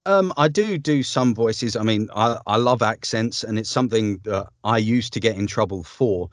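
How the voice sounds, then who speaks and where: A man's voice: on the low side, moderate pace, no room sound, studio quality. A man, a voice-over artist, chatting upbeat in an interview with frequent ums and laughs. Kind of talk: casual interview conversation.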